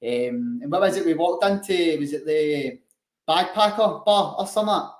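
A man's voice: fairly high pitch, normal speed. A young man telling a rowdy story with lots of swearing and laughter, as a podcast co-host in casual chat. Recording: echoey room.

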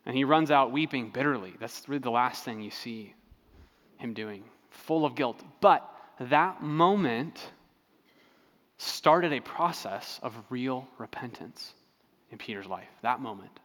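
A man preaching a sermon in a relaxed, conversational way, telling stories with frequent fillers and restarts. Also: medium pitch, measured pace, long reverb tail. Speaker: pastor.

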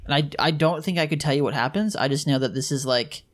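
A man's voice: fairly high pitch, fast. A young man co-hosting a podcast, rambling and musing with many fillers. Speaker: podcast co-host. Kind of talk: casual chat.

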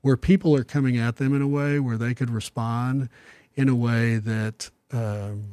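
Middle-aged man, podcast guest, earnest and reflective, mid-pitched voice, dry close sound. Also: fairly even intonation, normal speed, warm tone, no room sound. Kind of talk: casual Bible discussion.

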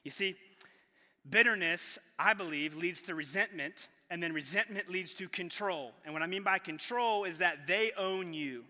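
A man's voice: high voice, moderate pace, sharp tone, in a large hall. A man pastor preaching a sermon in a conversational way, putting rhetorical questions to the congregation. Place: church sanctuary.

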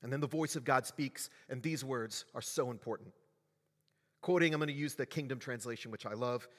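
A man's voice: medium pitch, a little fast. A man preaching a sermon as pastor, in a conversational way, often asking the congregation questions. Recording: long reverb of a large hall.

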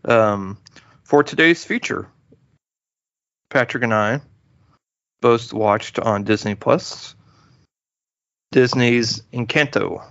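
A man with a mid-range voice drags out his words with vocal fry and long pauses while hosting a podcast. He rambles through a movie review in a relaxed way, piling up fillers and restarts. There's no echo on the dull, lo-fi, dry recording.

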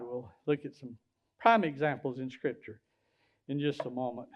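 High-voiced preaching pastor, loud swings. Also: male voice. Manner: preaching, swinging from loud hollering peaks to low quiet drops. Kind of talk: sermon.

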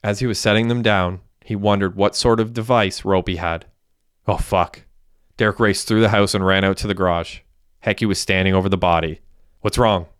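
Smooth-voiced man narrating. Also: low voice, steady tone, fairly quick, fairly bright tone, dry recording, studio quality. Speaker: audiobook narrator. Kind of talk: scripted narration.

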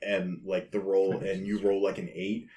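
A man running a tabletop game as game master, explaining the rules in a halting way. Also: sits low, monotone, warm tone. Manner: halting, full of fillers while explaining. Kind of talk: explaining rules in casual play.

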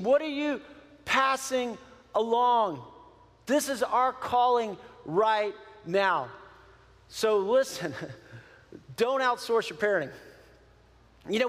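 A man, a pastor, preaching a sermon in a conversational, animated way with many fillers and restarts. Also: very high voice, unhurried, pauses often, in a large hall. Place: church sanctuary.

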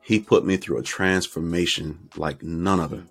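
A man's voice: deep voice, steady tone, normal speed, gravelly, a bit bright, husky, faint music behind. A middle-aged man from Florida, candidly recounting his life story as an interview guest and acting out remembered conversations. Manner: candid, reflective, acts out remembered dialogue. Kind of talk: personal storytelling.

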